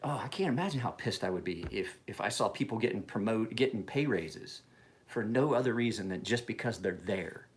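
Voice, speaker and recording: Profane, animated ranting man. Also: on the low side, a little fast. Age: 40s. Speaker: knife sharpener vlogger. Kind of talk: casual ranting monologue.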